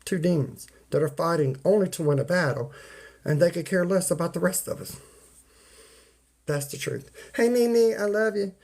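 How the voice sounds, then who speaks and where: In a casual live-stream rant, a streamer with a darkish mid-range voice talks at a moderate pace. He comes across folksy and preachy, with y'all and ain't, repeated points, and greetings to people in chat by name.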